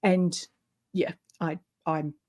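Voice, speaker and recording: A woman's voice: fairly low pitch, little pitch movement, slow, a little mellow. Kiwi woman gushing about books on a video call, chatty, laughs a lot. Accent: New Zealand. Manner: chatty and enthusiastic, laughs easily. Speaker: booktube host. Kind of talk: casual video chat.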